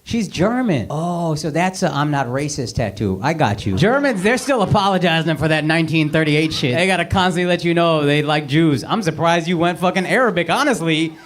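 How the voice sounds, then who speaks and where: A man's voice: on the high side, expressive, a little fast. A man doing crowd-work stand-up, brash and profane, teasing people in the audience from a club stage. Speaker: stand-up comedian. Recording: roomy club sound with loud crowd. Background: loud audience laughter.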